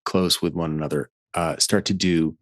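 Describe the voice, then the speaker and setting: Man, podcast guest, lower voice, hesitant storyteller, dry studio sound. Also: steady tone, normal speed, no room sound. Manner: hesitant, restarts, wandering. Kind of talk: casual chat.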